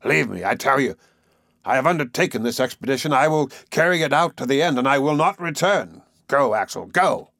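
A stubborn, commanding old professor, read by a man in an audiobook, pressing his case with firm, resolute declarations. The voice sits at a middling pitch, and the recording is close and dry with no room sound. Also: lively intonation, brisk, gravelly, a bit bright, no echo. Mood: stern. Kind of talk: audiobook character reading.

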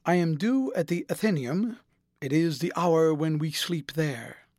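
A man voicing a courteous elderly gentleman with dry wit and formal, measured period speech. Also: on the high side, lively intonation, no room sound.

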